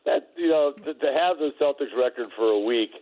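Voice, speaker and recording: A middle-aged former player tells stories from his career, often laughing and tripping over his own words. His voice sits at a middle pitch and comes through a dull, muffled phone-in line. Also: lively intonation, a little fast. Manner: laughing anecdotes, many restarts. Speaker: former basketball player, guest. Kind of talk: casual storytelling interview.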